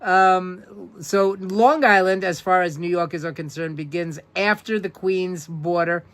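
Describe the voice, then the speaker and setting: Slow-talking New man hosting a live quiz. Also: high voice, fairly even intonation, fairly bright tone. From New York. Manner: upbeat, repeats questions and greets viewers by name. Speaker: live-stream host. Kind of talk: live-stream trivia quiz, reading viewer answers.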